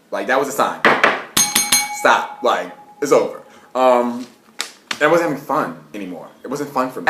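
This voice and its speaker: Animated young man. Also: medium pitch, slight background noise. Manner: animated, swearing, laughing, quick rants. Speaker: vlogger. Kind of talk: casual storytime monologue. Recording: roomy echo.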